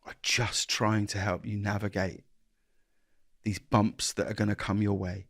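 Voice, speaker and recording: A man's voice: on the low side, level tone, measured pace, fairly bright tone, no echo, studio quality. A man, a guest speaking earnestly in an interview, often restarting his sentences and acting out little exchanges of dialogue. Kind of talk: reflective interview conversation.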